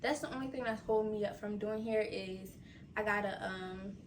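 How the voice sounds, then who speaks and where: Her voice medium in pitch and moderate in pace, a vlogger in her twenties casually recounts a story to camera, acting out what she was thinking. She is recovering from surgery and can't bend down. She sits far from the mic, and the low-quality recording carries slight background noise.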